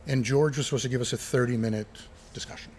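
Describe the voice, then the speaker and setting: A fast-talking, mid-range voice belongs to a middle-aged retired pilot and air traffic controller. As an interview guest he tells lively, casual stories and acts out what others said, in a former terminal by a runway.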